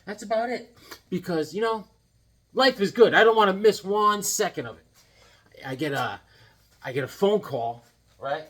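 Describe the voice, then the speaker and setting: A worn-out man tells rambling, jokey stories with plenty of excitement. His voice sits fairly high for a man. He talks casually from a comic room in his home. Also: moderate pace, pauses often, husky. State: tired from lack of sleep. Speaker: comic collecting channel host.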